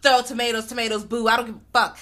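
A woman co-hosting a podcast, recapping a film in animated, profane casual chat and acting out the characters' lines. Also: on the high side, racing. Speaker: podcast co-host.

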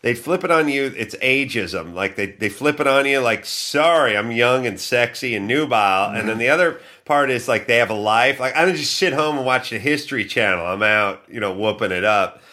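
A man's voice: medium pitch, lively intonation, fairly quick, few pauses, bright, forceful tone. A middle-aged man hosting a comedy podcast, telling a story in a sarcastic, exasperated rant. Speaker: podcast host.

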